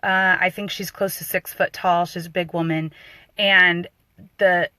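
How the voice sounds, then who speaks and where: A woman working as a doula, telling a personal story in a loose, animated way with fillers and restarts. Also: on the low side, measured pace, dry recording. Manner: animated, acts out quoted voices.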